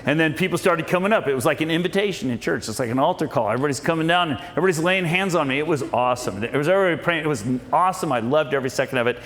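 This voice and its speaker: A man speaking to a live crowd in a folksy, preacherly way, stumbling through repeated starts as he tells stories. His voice sits a little high for a man. The sound rings with a long echo in a large hall. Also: expressive, racing, hardly any pauses, fairly bright tone. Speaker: speaker at political meeting. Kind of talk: storytelling speech to a live audience. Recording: echoey hall with long reverb.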